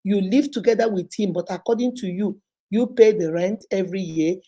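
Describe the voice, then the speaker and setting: Warm Nigerian woman counselor. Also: mid-range voice, moderate pace. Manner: probing, repeats the listener's words back in long lists. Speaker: relationship counselor and host. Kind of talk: storytelling advice talk.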